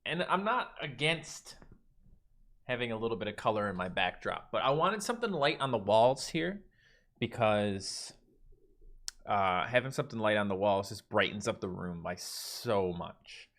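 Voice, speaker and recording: Speaking at normal speed in a fairly low, animated, fairly bright voice, the host chats casually on his livestream. He's from Newfoundland, Canada, has a Newfoundland accent, and responds to viewers from a mostly empty room with carpet.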